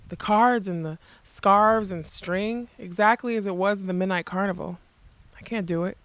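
A weary middle-aged magician speaks in a slow, quiet voice, as a woman reading a storybook puts him on. He sounds worn down and despairing, and the recording is dry and close. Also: mid-range voice, dry recording, close to an everyday voice.

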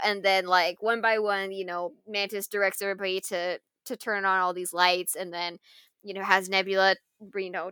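A woman co-hosting a casual chat, retelling a film scene in an animated way, full of fillers and frequent laughter. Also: mid-range voice, clear, resonant tone, no room sound.

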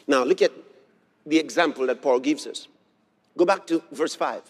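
Husky high-voiced preacher guy, lots of emphasis, echoing big hall. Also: moderate pace, long pauses. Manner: emphatic, repeats phrases, reads scripture aloud, bursts into shouts. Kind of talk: sermon. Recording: long hall reverb.

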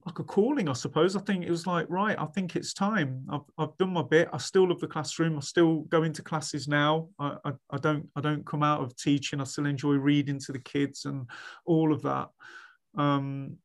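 A man's voice: on the high side, normal speed. A man, a head teacher being interviewed, chatting animatedly with many restarts and acting out what others said. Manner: animated storyteller, many restarts, acts out quoted speech. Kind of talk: casual podcast interview.

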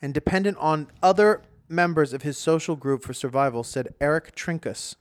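Man reading news slowly in a dry room. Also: a little high, dry recording. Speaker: podcast co-host. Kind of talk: reading a news item, casual chat.

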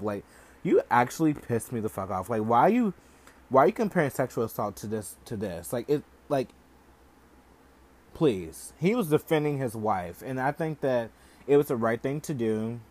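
A man's voice: medium pitch, sing-song, normal speed, darkish tone. Profane young man ranting casually. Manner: heated, profane, heavy use of "like". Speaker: podcast host.

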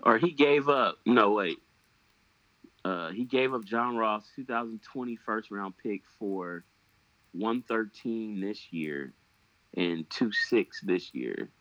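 Podcast host, male, lowish and bright, dry sound; casual and profane. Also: expressive, takes it slowly, no echo, muffled recording. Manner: joking, profane, trails off into fillers. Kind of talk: casual fantasy football chat.

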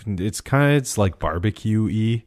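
A man co-hosting a casual podcast chat, talking haltingly and restarting often. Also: fairly low pitch, animated, a little mellow. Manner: halting, full of fillers and restarts.

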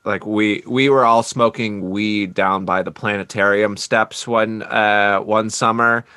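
A man's voice: on the low side, fairly even intonation, slow, sharp tone, smooth, dry recording. A man telling a blunt, profane story in casual chat.

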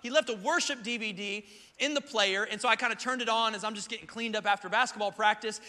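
A man in his thirties from South Carolina, preaching a sermon as a lively storyteller who acts out the quotes. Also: high-pitched, fast. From South Carolina, USA. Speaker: pastor. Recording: church hall reverb.

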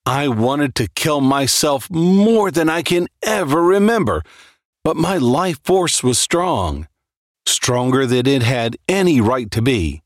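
A man giving a dramatic reading of a horror tale. His delivery is slow and brooding, and his pitch swings widely from low murmurs to sharp rises. The sound is close and dry, with no room echo. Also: expressive. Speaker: horror story narrator.

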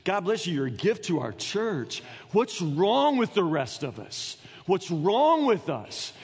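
A pastor preaching a sermon in a church, emphatic and animated, moving between loud outbursts and quiet asides. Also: male voice, high-pitched, slow pace, slightly rough, in a large hall. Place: church sanctuary.

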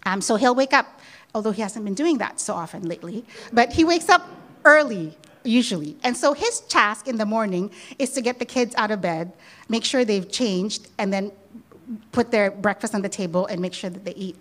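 Conversational woman preaching a sermon. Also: medium pitch. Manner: conversational, repeats key phrases with emphasis.

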